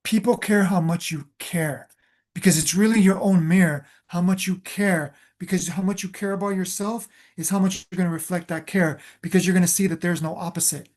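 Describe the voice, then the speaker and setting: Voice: mid-range voice, fairly even intonation, brisk, darkish tone. A spiritual coach giving a motivational talk, stressing points by repeating phrases, with frequent fillers and restarts. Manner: loose, filler-heavy delivery.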